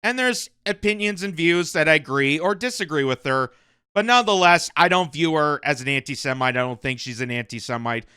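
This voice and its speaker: A man hosts his own commentary show, talking in a high voice with a clear, smooth tone. He is animated and mocking as he gives his opinions. The recording is dry and close to the mic. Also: brisk, no room sound. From Canada. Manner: animated, mocking, laughs between points. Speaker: commentary channel host.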